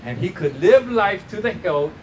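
A man's voice: sits high, expressive, moderate pace, a little hiss or hum, rough recording. A man preaching as pastor at a church service, emphatic, drawing answers from the congregation. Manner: emphatic preaching with call-and-response. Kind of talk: sermon.

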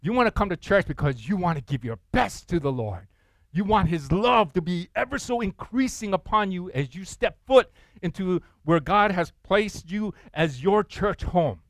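Man, pastor, sermon, animated preaching, somewhat high voice, dry close recording. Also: no room sound. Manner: animated preaching, acting out quoted voices and asking the congregation questions.

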